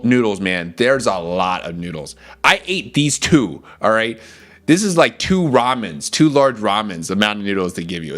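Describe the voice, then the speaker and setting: A man's voice: medium pitch, a bit bright. A man streaming casually, talking enthusiastically about food and greeting his chat. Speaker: VTuber streamer.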